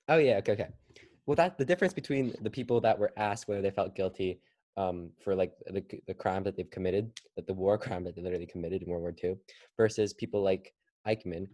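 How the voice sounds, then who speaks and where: A teenage boy co-hosts a casual podcast chat, rushing through his thoughts in a rambling way and leaning on fillers and restarts. His voice is on the low side for a young man, and he talks quickly. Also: mellow. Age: teens. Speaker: podcast co-host.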